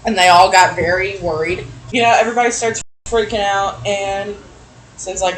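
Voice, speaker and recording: A woman co-hosting a casual chat, recapping a tabletop game and acting out quotes in an animated way. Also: medium pitch, fairly quick, reverberant, slight background noise, rough recording. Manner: animated storyteller, acts out quotes with lively voices. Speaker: podcast co-host recapping a game. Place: room with echo.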